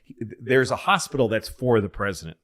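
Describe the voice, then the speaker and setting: A man's voice: mid-range voice, brisk. A man co-hosting a podcast, telling stories in a loose, swearing chat and acting out the people in them. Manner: animated storyteller, acts out voices, swears freely. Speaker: podcast co-host. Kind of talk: casual storytelling chat.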